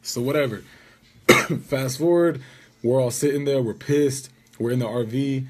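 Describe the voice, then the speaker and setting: Male vlogger, husky voice, casual rambling storytelling with an aggrieved edge. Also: medium pitch, measured pace. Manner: indignant, rambling recounting.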